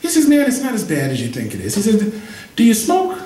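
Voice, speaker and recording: A man in his forties works an open mic crowd with a joke and a story, acting out each voice in turn. His delivery swings widely in pitch. The sound is echoey and distant, with faint noise behind. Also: very fast. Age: 40s. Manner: animated, jokey, acts out quoted voices. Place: cafe stage at an open mic.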